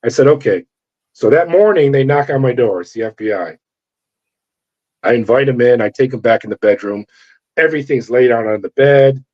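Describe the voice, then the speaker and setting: Lo-fi animated man telling his story. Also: medium pitch. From California. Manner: animated storyteller acting out quoted voices. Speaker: guest, former corrections officer. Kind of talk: storytelling interview. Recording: dull lo-fi audio.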